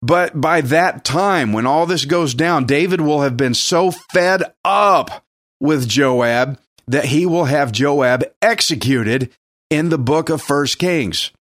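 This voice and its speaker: Male preacher, slightly high voice, plainspoken and conversational when explaining scripture, dry close sound. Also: takes it slowly, a bit bright, no room sound. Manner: conversational, plainspoken, asks the listeners questions. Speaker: pastor. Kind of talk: expository Bible teaching sermon.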